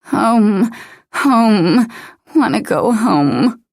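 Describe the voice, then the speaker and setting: A woman narrator voicing a dazed, possessed young pregnant woman who speaks slowly in a slurred, sing-song way. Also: on the low side, warm tone, husky, no room sound, clean studio sound, exaggerated voice. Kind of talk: audiobook character voice.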